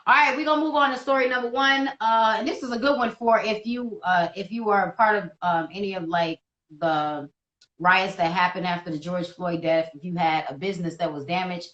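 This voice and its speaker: A woman's voice: medium pitch, brisk, echoey room, highs cut off. A woman in her thirties co-hosting a casual live talk show, laughing often and telling stories with energy. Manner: laughs often, animated storytelling. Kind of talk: casual banter on a live stream.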